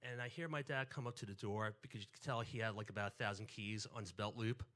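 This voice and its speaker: A man's voice: fairly low pitch, fast. A man, telling a personal story on stage and acting out family voices. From New York. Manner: animated, acts out quotes and family voices.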